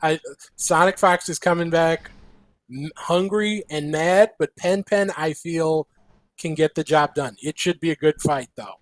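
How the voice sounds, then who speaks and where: A man co-hosting a live fighting-game show on a convention floor, giving measured predictions. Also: fairly high pitch, no room sound. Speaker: co-host. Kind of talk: live event commentary, making predictions. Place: large indoor convention hall floor.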